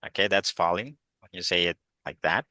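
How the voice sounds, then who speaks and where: A man's voice: low voice, brisk, sharp tone, dry recording. A man teaching an online English class, encouraging students and calling on them by name.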